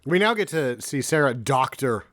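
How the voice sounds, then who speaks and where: A man's voice: medium pitch, sing-song, moderate pace, a bit bright, no echo. A man co-hosting a comedic movie-review podcast, recapping the plot dryly with mock quotes. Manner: dry, wry recaps with sudden mock quotes. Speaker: podcast co-host.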